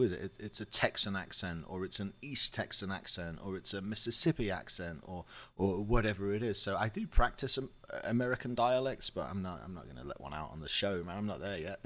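A man from Yorkshire, England, hosting a podcast interview and chatting casually, talking fast and laughing often. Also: on the low side, a bit bright. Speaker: podcast host.

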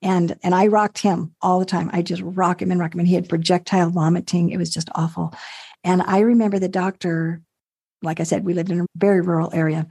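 An older woman, a lactation consultant, telling birth stories in a casual interview, animated and laughing often as she acts out what others said. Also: lowish voice, fairly quick, husky, no room sound, studio quality. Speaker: guest, lactation consultant and mother. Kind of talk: casual storytelling.

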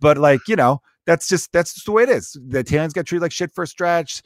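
Casual dude rambling and swearing on a podcast, dry close mic. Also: male voice, on the high side, expressive, fairly quick, no echo. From Chicago's South Side, USA. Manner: rambling, profane, acts out quotes in voices. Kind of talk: casual comedic chat.

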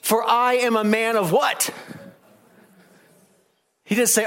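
A man preaching a sermon, animated, rising loud and high to make his points. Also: slow, long pauses.

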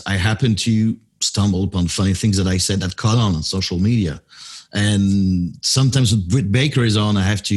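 A man's voice: on the low side, husky. A man from France with a French accent, a wrestling announcer and guest explaining at length and sometimes searching for words. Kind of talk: interview conversation.

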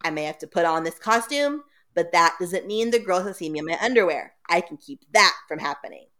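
A woman voicing a whiny, panicky young boy in an exaggerated, high-pitched way. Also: lively intonation, a little fast, bright, forceful tone. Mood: indignant.

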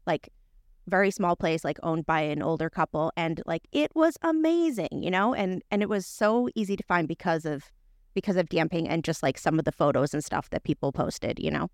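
A woman's voice: on the low side, brisk, no echo, clean studio sound. Chatty woman telling a bar story. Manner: chatty, many fillers and restarts. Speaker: podcast co-host. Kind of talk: casual chat, storytelling.

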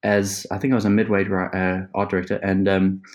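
A man's voice: deep voice, fairly quick. A man guest, an art director, telling stories in a casual interview, laughing often and swearing freely. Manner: laughing, swearing, animated storyteller. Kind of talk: casual podcast interview chat.

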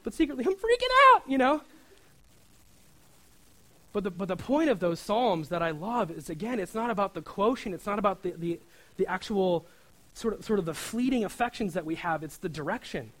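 A man giving a sermon in a relaxed, conversational way. He often checks in with "right?" and acts out the prayers he quotes. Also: sits high, a little fast, rough recording. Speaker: preacher.

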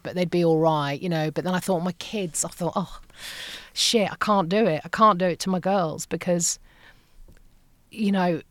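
Woman in her 40s-ish, interview guest, emotional halting storytelling, dry close sound. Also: on the low side, no echo. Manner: emotional, halting, with repeated phrases. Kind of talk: candid personal storytelling.

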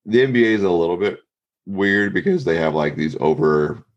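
A man with a very low, deep voice talks sports with a co-host on a casual podcast. He rambles, leans on fillers, and perks up when he retells a moment from a game. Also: expressive, normal speed, muffled recording.

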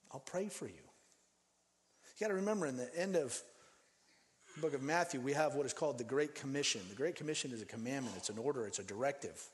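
A man from Denver preaching a sermon in an animated, conversational way, acting out the people he quotes. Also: medium pitch, big-room sound. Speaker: pastor.

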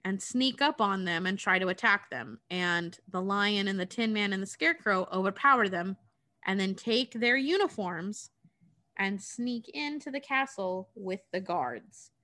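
A woman's voice: medium pitch, pushed and bright. Chatty, foul-mouthed woman retelling a story. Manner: chatty, profane, filler-heavy. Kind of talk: casual story recap.

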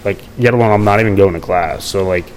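Young male podcast guest, casual, restless restarts, slightly low voice, light background noise. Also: quick pace, low-quality recording. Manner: rambling, many fillers and restarts. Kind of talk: casual storytelling interview.

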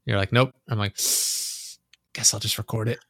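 A man's voice: on the low side, fairly even intonation, fast talker, gravelly, fairly bright tone. A man co-hosting a podcast, chatting casually, swearing freely and acting out his own frustrated reactions. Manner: swears freely, acts out frustrated inner monologue. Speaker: podcast co-host. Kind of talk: casual chat.

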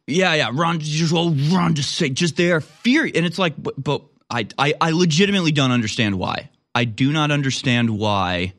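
A man's voice: on the high side, expressive, normal speed, hardly any pauses, fairly bright tone. A man hosting a political commentary show, talking in a sarcastic, incredulous way with frequent laughs.

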